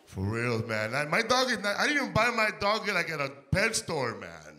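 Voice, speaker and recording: A man doing a profane stand-up set, loud, swinging his voice up to shouts and acting out barks. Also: on the high side, huge pitch swings, normal speed, hardly any pauses, slight background noise. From Mexico. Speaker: stand-up comedian. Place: comedy stage before a live audience.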